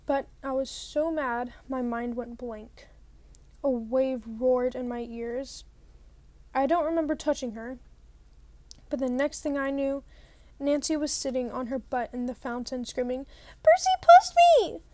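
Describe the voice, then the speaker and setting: A woman's voice: high voice, steady tone, unhurried, dark tone, no room sound. A woman reading a novel aloud in the first person, narrating plainly and now and then rereading a line. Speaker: audiobook reader.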